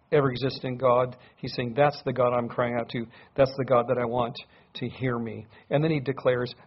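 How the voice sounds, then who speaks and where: A man preaching to a congregation in an earnest, conversational way, often turning to rhetorical questions. His voice is a little husky, and the recording is slightly dull and lo-fi. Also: medium pitch. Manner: speaks to a live congregation. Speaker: pastor. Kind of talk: sermon.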